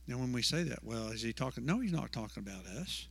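A man's voice: mid-range voice, expressive, fast, gravelly, hardly any pauses, a bit bright. A male pastor preaching a sermon in a church, emphatic, repeating words and asking rhetorical questions. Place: church sanctuary. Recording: long hall reverb.

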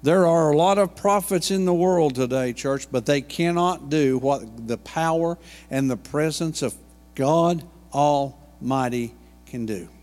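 A male pastor preaching in a folksy, storytelling way, with a slightly high voice. His words ring out in a long church reverb. He breaks off into homey asides as he goes. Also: unhurried, a little mellow. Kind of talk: sermon. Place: church sanctuary.

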